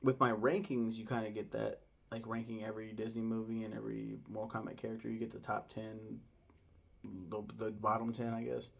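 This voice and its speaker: A man's voice: fairly low pitch, monotone, fairly quick, vocal fry. A man in his thirties chatting casually in a vlog, rambling and enthusiastic, with lots of fillers. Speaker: vlogger.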